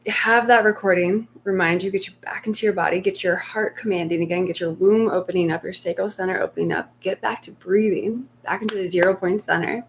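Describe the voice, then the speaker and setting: Soft-spoken woman coaching on a live stream. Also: mid-range voice, a little hiss or hum. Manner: soft, slow and reflective, acting out inner voices in hushed tones. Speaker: meditation coach.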